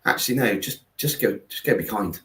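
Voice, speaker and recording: A man's voice: on the low side, expressive, a little fast, bright, forceful tone, reverberant. A man, a guest telling stories in a rambling interview full of fillers and restarts over a video call. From England. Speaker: guest, founder of a kindness platform. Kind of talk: conversational interview, storytelling.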